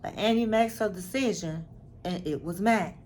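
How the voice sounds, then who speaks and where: A woman giving a casual recap of a reality show, retelling scenes in an animated, dramatic way and calling the listener honey. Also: mid-range voice, normal speed, a little hiss or hum. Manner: chatty, says "honey" and "girl". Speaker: recap vlogger.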